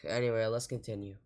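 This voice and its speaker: A woman's voice: a bass voice, a little mellow. A woman hosting a reaction video, talking casually and rambling in exasperation.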